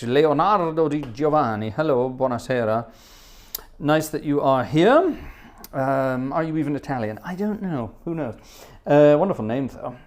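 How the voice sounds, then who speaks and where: A man's voice: medium pitch, a little mellow. A man hosting a live stream, reading out viewers' names one by one and greeting them, humming little filler tunes between names. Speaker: livestream host and organist.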